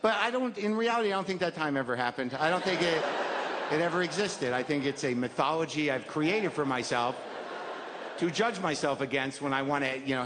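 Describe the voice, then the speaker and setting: A man in his fifties doing a stand-up routine, rambling in a neurotic, self-deprecating way and acting out little scenes. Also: mid-range voice. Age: 50s. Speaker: stand-up comedian. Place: comedy club stage. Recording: live stage recording with hall reverb and audience noise. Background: audience laughter.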